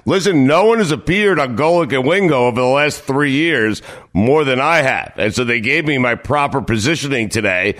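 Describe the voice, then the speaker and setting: Bright, boastful radio co-host man. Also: mid-range voice, animated, normal speed. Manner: boastful, mock-pompous. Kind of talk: comedic sports radio banter.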